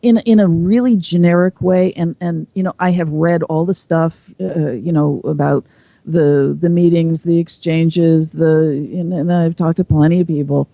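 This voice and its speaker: A woman with a gravelly, fry-edged voice talks as a guest in a casual interview, explaining things at length and thoughtfully. The sound is dull and lo-fi, close and dry with no room around it. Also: fairly low pitch, fairly even intonation, moderate pace, dry recording.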